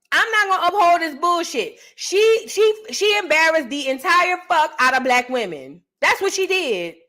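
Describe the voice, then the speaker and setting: A woman host rants through casual reaction commentary with a high voice that swings wildly up and down. She is loud and profane, and she hammers her points by repeating them. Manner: loud, animated, profane, emphatic repetition.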